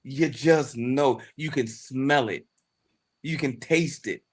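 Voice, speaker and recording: A man's voice: mid-range voice, slow, husky. A man co-hosting a podcast, talking in a casual chat with emphatic, preacher-like repetition. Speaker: podcast co-host.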